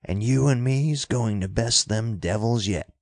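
A man voicing a tough, plain-spoken old man with a gruff, folksy manner of speech. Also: medium pitch, measured pace, no echo, clean studio sound. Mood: defiant.

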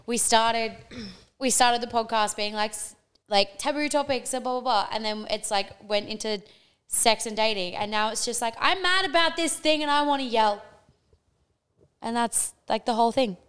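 A young woman with a slightly high, smooth voice banters on a casual podcast. She teases her co-host and keeps the chat quick. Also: fairly even intonation.

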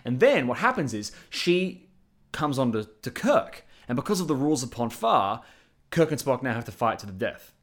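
A man's voice: mid-range voice, sing-song, moderate pace, a bit bright. Rambling, profane male storyteller. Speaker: podcast guest. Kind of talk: casual chat.

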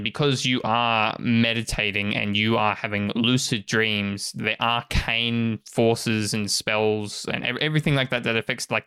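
A man's voice: medium pitch, sharp tone, clear, resonant tone, dry recording. A man acting as game master, explaining rules and narrating in a casual, rambling way with frequent fillers.

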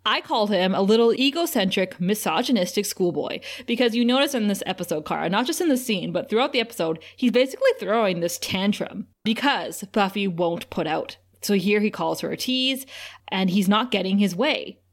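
A woman's voice: medium pitch, lively intonation, a little fast. A woman co-hosting a podcast, talking through a show's episode in casual chat. She laughs easily and swears without a second thought. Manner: laughing, chatty, swears freely. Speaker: podcast co-host.

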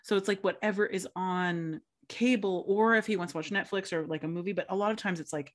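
A woman's voice: medium pitch, a little fast. A woman co-hosting a casual chat, telling long stories and laughing often. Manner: chatty storyteller, laughs often. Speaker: podcast co-host.

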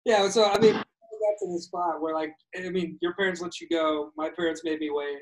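A man's voice: a little high, moderate pace, poor audio. A man co-hosting a casual chat, talking at length and reflecting on his points.

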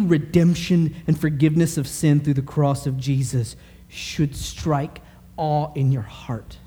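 A pastor in his thirties preaches a sermon with a medium-pitched voice. His delivery is animated and conversational, packed with rhetorical questions.

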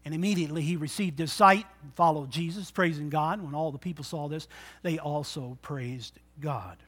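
A man preaching a sermon with a high, bright voice. He drops to a hushed, close tone, then rises to loud exhortation. He acts out the people in his stories as he goes. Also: normal speed, breathy edge. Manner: swings from quiet intimate talk to loud exhortation. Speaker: pastor.

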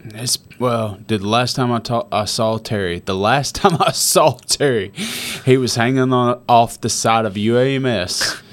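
A man in casual chat, backing up his friend with short agreements and telling stories in an animated way. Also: measured pace. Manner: animated storyteller, jumps high when quoting people. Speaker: friend in conversation.

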